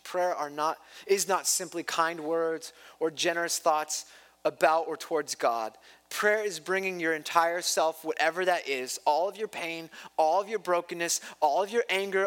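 A man's voice: high voice, a bit bright. A male pastor preaching a sermon, impassioned and building to emphatic peaks, with chatty personal asides. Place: church.

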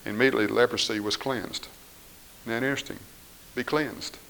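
Preacher, male, bright edge, dips quiet then rises loud, mid-pitched. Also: steady tone, quick pace, creaky, slight background noise, rough recording. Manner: shifts between quiet firmness and raised, pleading voices. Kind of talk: sermon.

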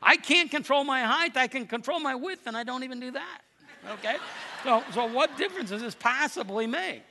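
A man preaching with lively, storytelling energy. His fairly high voice swings widely in pitch and has a gravelly edge. The tone is bright and forceful. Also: brisk. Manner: lively storytelling, animated and emphatic. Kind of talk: sermon.

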